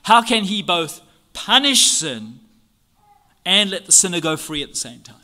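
A man's voice: sits high, very animated, a little slow, sharp tone. A man giving an expository Bible lesson on a church confession. He reads passages aloud and presses his points with earnest rhetorical questions. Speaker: Bible teacher.

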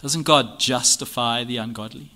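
A man's voice: medium pitch, moderate pace, bright, forceful tone. A man giving an expository Bible lesson on a church confession. He reads passages aloud and presses his points with earnest rhetorical questions. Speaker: Bible teacher.

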